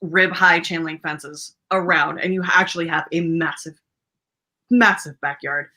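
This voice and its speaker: A woman's voice: on the low side, fairly even intonation, a little slow, pushed and bright. A young woman telling a rambling story in casual chat, full of fillers and laughter, as a podcast host.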